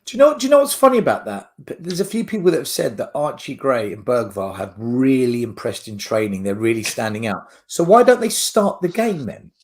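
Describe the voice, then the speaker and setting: A man's voice: mid-range voice, very animated, fairly quick, few pauses, darkish tone. A man on a football fan panel who cuts in bluntly and swears. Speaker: guest panelist. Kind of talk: casual football fan chat.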